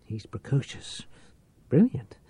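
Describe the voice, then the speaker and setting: A man voicing a nervous male accomplice who urges and pleads in a low, hushed tone. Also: takes it slowly, natural voice. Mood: urgent. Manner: urgent, pleading.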